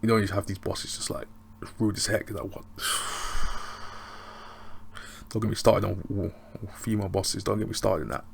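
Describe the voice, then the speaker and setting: Gravelly-voiced English guy chatting. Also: fairly low pitch, flat delivery, a little slow, slight background noise. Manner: rambling, loose and chatty with filler words. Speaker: show reviewer. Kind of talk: casual review chat.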